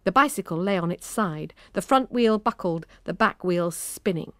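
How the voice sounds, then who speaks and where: A woman with a British accent narrating a children's audiobook in an expressive, measured way on a close studio mic. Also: fairly low pitch, no room sound.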